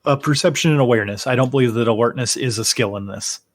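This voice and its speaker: A man narrating as game master, unhurried, with frequent fillers and self-corrections. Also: medium pitch.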